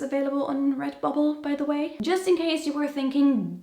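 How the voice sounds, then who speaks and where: A woman's voice: high voice, animated, normal speed, hardly any pauses, a little mellow. A German woman from Germany with a German accent, presenting a scripted video in a playful, chatty, jokey way. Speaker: YouTuber. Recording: roomy echo.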